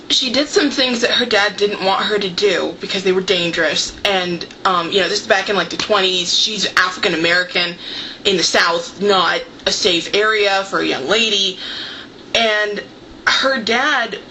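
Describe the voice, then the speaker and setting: A woman's voice: mid-range voice, pushed and bright, low-quality recording. Woman talking into her camera, casual chatter full of likes, faint background hiss. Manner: chatty, heavy use of "like" fillers. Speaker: book vlogger. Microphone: camera microphone.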